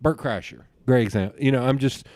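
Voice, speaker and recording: A man hosting a casual podcast interview. He rambles excitedly from one tangent to the next. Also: medium pitch, a little fast, no room sound. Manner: rambling, excitable storyteller who jumps between tangents. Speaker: podcast host.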